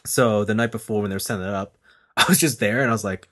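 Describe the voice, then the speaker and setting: A young adult speaking casually about collecting toys. The pitch is mid-range but moves a lot, rising and dropping as they act out conversations in their stories. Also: fairly quick. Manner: animated storyteller, acts out quotes. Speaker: podcast co-host, toy collector. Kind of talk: casual chat.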